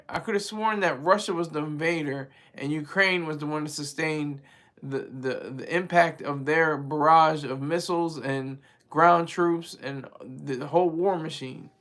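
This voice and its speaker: A man hosts a casual political commentary vlog. He talks in an animated, rambling way and often restarts his sentences. His voice sits a little high and has a bright, forceful edge. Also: unhurried. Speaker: vlog host.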